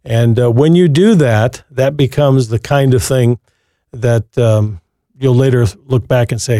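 Male call-in radio host, earnest and encouraging, warm mellow tone, dry studio sound. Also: mid-range voice, a little slow, no echo. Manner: earnest, encouraging, repeats and restarts phrases. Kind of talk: live Christian radio call-in advice.

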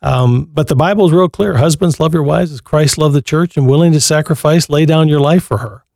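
A man's voice: on the high side, a little fast, creaky, darkish tone, dry recording, studio quality. A man hosting a Christian call-in advice show, talking to callers in a reassuring, folksy way. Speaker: radio call-in host.

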